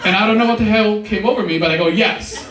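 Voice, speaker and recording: A man's voice: high-pitched, quick pace, over a noisy crowd, heavy background noise. A young man performing a casual stand-up comedy set at a live show, often saying "dude". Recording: roomy live sound, mic at a distance.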